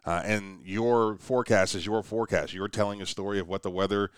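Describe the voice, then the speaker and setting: A male podcast host asks long, rambling questions in a relaxed interview. His voice is low, smooth and resonant, recorded close and dry. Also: fairly quick, no echo. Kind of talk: casual interview.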